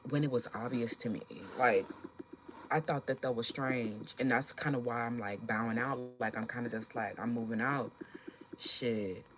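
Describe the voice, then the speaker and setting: A young woman with a low voice hosts a casual livestream and talks straight to her viewers. She is blunt, swears freely and jokes around, laughing often. A faint hiss sits behind her. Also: rough recording. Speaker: livestream host.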